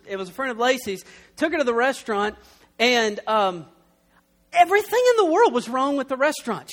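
A young adult man preaching a conversational sermon, telling stories with animated humor. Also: extremely high pitch. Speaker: pastor.

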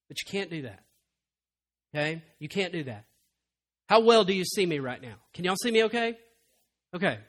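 Male preacher, high bright tone, passionate sermon with big dynamic swings. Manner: impassioned, swinging from loud to hushed. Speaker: pastor. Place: church.

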